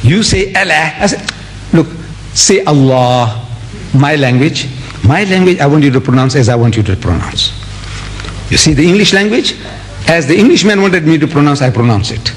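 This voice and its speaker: A man from India, raised in South Africa, giving an animated public religious lecture, spelling words out letter by letter and mimicking others. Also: a little high, fairly quick, slight background noise. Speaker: Islamic lecturer.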